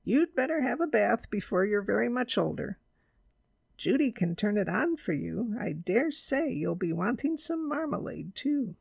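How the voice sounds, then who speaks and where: Woman as a stern storybook housekeeper, high sharp exclamations, gravelly. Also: very animated, normal speed, no room sound, heavily acted. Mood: brisk. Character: fierce, brisk older woman housekeeper.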